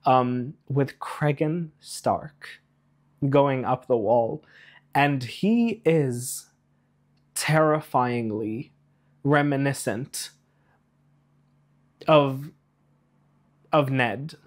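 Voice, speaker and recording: Excitable man ranting about a show. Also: mid-range voice. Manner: animated, rushes and trails off, emotional asides. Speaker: YouTube reviewer. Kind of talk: excited spoiler rant.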